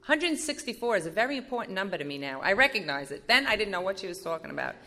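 A woman giving an animated personal recovery testimony at a meeting, acting out the dialogue as she goes. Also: mid-range voice, rapid-fire.

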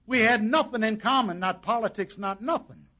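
High-voiced man telling his recovery story. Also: moderate pace, bright, forceful tone. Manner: folksy storytelling with quoted dialogue. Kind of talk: personal testimony to an audience.

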